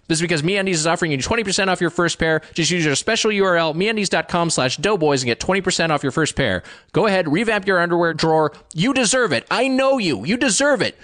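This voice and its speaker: A man co-hosting a podcast in casual chat, sometimes with a flat, mock-hype announcer delivery. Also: on the high side, no echo, studio quality. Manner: mock-hype announcer delivery, then laid-back and tired. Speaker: podcast co-host.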